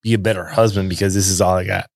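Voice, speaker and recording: A man hosting a casual podcast, asking measured questions and chiming in with short agreements. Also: low-pitched, flat delivery, gravelly, dry recording, clean studio sound. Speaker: podcast host. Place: podcast studio.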